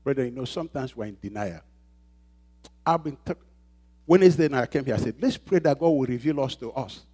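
Lively, animated male pastor preaching. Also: medium pitch, fairly quick, breathy edge. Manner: call-and-response questions to the congregation; emphatic, repeats phrases. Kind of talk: sermon.

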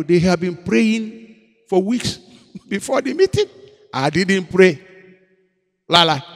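A male pastor preaches with a slightly high voice, telling his story dramatically and swinging between forceful emphasis and quiet, hushed confession. His sermon rings out with a long reverb, as if caught in a large church hall.

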